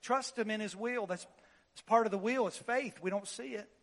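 A man's voice: high-pitched, normal speed, in a large hall. A man preaching a sermon as pastor, emphatic, repeating lines and restarting words as he drives a point home.

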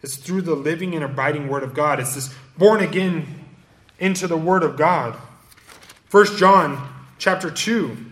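A man's voice: fairly high pitch, unhurried, fairly bright tone. A man preaching an expository sermon, quoting verses and explaining them. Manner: expository preaching, quotes and rereads scripture. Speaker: pastor.

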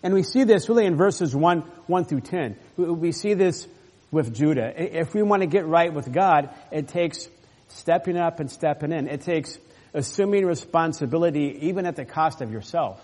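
A man's voice: fairly high pitch, expressive, moderate pace, darkish tone. A man preaching a sermon as pastor. He teaches in an earnest, explanatory way and stresses key words. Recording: long hall reverb.

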